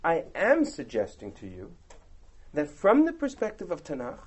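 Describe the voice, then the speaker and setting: Rabbi teaching a class: a man with a lively, swinging delivery and a slightly high voice, who quotes and translates verses. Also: moderate pace, husky, lo-fi sound. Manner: animated, rhetorical questions, recites and translates Hebrew verses. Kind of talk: text study lecture.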